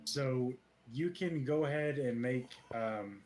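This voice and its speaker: A man narrating as game master of a tabletop role-playing game, relaxed and full of hesitations. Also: mid-range voice, slow pace, slight background noise, rough recording. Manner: relaxed, hesitant with many fillers.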